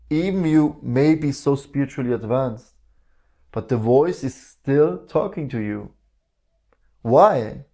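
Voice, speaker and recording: A man giving a reflective spiritual talk in a calm way, often posing rhetorical questions to the listener. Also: fairly high pitch. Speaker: spiritual teacher.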